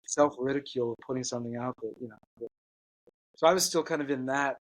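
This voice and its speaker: An earnest man tells a personal story as an interview guest. He speaks at a middle pitch, halting and restarting often. The sound is dry and close, with no room echo.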